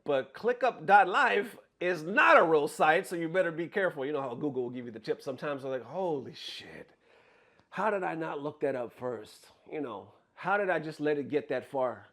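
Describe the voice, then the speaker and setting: A man's voice: on the high side, fairly quick, hardly any pauses. A man, a content creator, telling a story to camera from his bedroom in a casual, profane and exasperated way. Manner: animated, profane, exasperated retelling.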